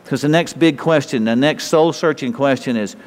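A man's voice: medium pitch, normal speed. A man preaching a sermon in a folksy, conversational way, often restarting phrases and chuckling. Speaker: pastor. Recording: reverberant hall.

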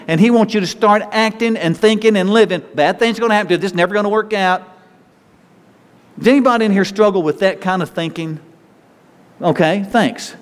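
A male pastor preaching a conversational sermon, with self-talk and quoted prayers, to a church congregation. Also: sits high. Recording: long hall reverb.

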